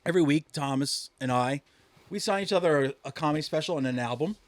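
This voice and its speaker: A man's voice: a little high, fast, dry recording. A young man co-hosting a comedy podcast, teasing his guests and swearing freely in casual banter. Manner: crude, teasing, swears a lot. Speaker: podcast co-host.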